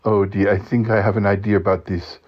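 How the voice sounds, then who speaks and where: A man's voice: lowish voice, flat delivery, a little fast, husky. A man hosting a comic podcast skit, fretful and easily worried. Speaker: podcast host. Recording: dull lo-fi recording.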